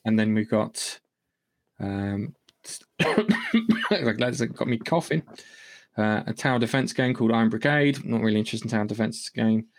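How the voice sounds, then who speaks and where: A man's voice: on the low side, normal speed. A man hosting a casual gaming news podcast over an online call, rambling with many fillers and restarts and coughing now and then. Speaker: podcast host.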